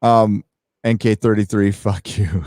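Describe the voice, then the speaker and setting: A man's voice: lowish voice, steady tone, measured pace, a little mellow, no echo, clean studio sound. A man hosting a livestream, ranting casually with lots of swearing and fillers while reading donations. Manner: emphatic, swears freely, many fillers. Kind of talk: profane casual rant.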